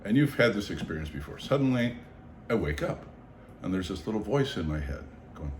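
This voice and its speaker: A man's voice: low voice, big pitch swings, fairly quick, a little mellow. Guy from seattle spinning a wild story, acts out everyone's voices, swears a lot, echoey room w/ faint background noise. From Seattle, United States. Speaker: storyteller on his own show. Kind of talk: casual anecdote in conversation.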